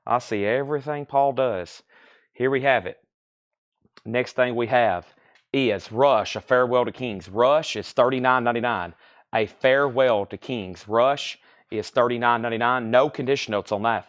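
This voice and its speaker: A man hosting a live online record sale. He lists titles, grades and prices briskly, greets bidders by name and chats casually with viewers. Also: medium pitch, dull audio. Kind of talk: live-stream sales patter.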